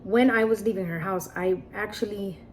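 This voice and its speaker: A woman's voice: medium pitch, fairly even intonation, moderate pace, a little hiss or hum. A woman telling a personal story in a casual, earnest way, often repeating herself and restarting sentences. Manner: repetitive, earnest, frequent restarts and "like".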